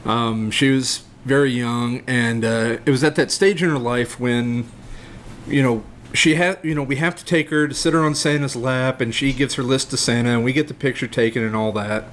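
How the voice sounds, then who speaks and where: A middle-aged man on a podcast, telling a comic personal story in a deadpan, rambling way full of hesitations. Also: mid-range voice, moderate pace, slight background noise. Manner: rambling, deadpan, hesitant with many ums and uhs. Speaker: podcast co-host.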